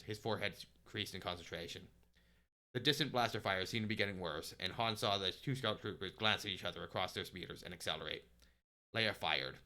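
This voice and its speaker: A man narrating a story aloud on a live stream, steady with small restarts. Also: fairly low pitch.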